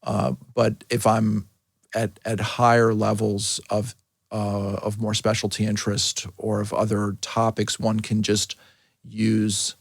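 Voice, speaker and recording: A middle-aged man, a medical school dean and liver doctor, speaking thoughtfully in a casual interview with many pauses and restarts. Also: lowish voice, monotone, vocal fry, dry recording, clean studio sound. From New York City.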